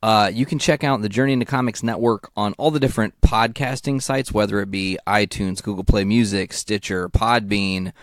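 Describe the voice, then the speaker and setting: A man's voice: lowish voice, steady tone, moderate pace, few pauses, dry recording, clean studio sound. A man co-hosting a podcast, joking loosely while he plugs the network in casual chat. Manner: jokey, rambling plug for the network. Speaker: podcast co-host.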